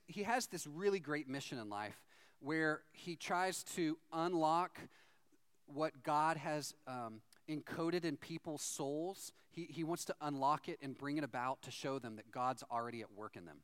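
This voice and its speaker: A male pastor with a fairly high voice, preaching in a loose, conversational way. He tells stories with animated energy, slipping easily between teaching points and anecdotes. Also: normal speed, smooth. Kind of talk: sermon.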